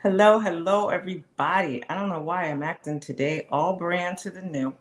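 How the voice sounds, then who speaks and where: A woman hosting her own live stream, chatting excitedly and preaching straight to her viewers. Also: lowish voice, moderate pace, reverberant. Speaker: live show host.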